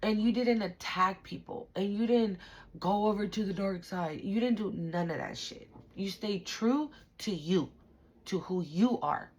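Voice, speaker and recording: Slow, emphatic woman tarot reader. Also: medium pitch, highs cut off. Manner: emphatic, slangy and profane, talks straight to the viewer. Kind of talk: spiritual tarot reading to camera.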